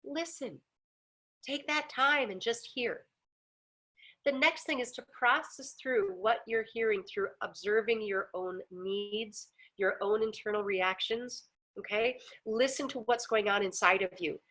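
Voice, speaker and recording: A woman's voice: on the high side, unhurried, sharp tone. A woman teaching a personal growth class in a casual, earnest way, acting out quotes and laughing often. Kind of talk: casual talk to a group. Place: home, pool outside her patio.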